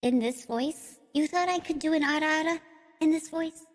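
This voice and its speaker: A woman streamer chatting casually through a high chipmunk voice changer, giggly and playful. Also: moderate pace, big-room sound. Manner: giggly, playful, fiddling with settings. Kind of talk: casual live-stream chat.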